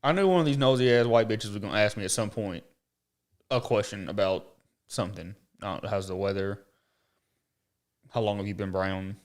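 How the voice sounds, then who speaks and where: A man co-hosting a casual podcast, telling a story with lively, animated delivery and high put-on voices for the people in it. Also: a little fast, pauses often. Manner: animated, jumps up in pitch when acting out other people. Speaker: podcast co-host.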